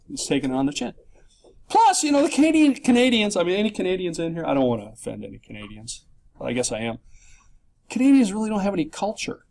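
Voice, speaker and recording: A middle-aged man teaching a class, his voice sitting high and leaping up and down with animated swings. He teases the room with mock-serious jokes and keeps firing rhetorical questions. It is a relaxed classroom lecture with comic asides. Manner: jokey, teasing, rhetorical questions. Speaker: economics lecturer. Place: classroom in Florida.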